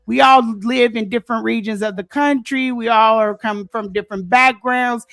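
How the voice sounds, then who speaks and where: A woman in an online debate, earnestly working to get her point across. Her voice is fairly high. The recording is dry, with no room sound. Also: steady tone, moderate pace, fairly bright tone, no room sound.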